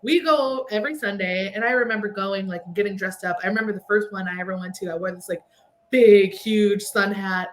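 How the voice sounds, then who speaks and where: A woman from Texas, appearing as a podcast guest, tells a long story in a casual, chatty way, filling it with "like." Her voice sits at a medium pitch and moves briskly, with a little background noise.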